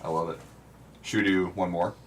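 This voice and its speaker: A man's voice: deep voice, fairly even intonation, brisk. A man hosting a casual podcast chat, laid-back and asking the questions. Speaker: podcast host. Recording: distant mic with faint noise.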